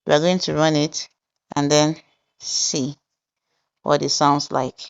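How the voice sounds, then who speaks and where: A woman hosting a software tutorial, explaining each step deliberately and pausing with fillers as she goes. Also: low voice, level tone, creaky, muffled recording. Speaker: tutorial host. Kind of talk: screen-recorded software tutorial narration.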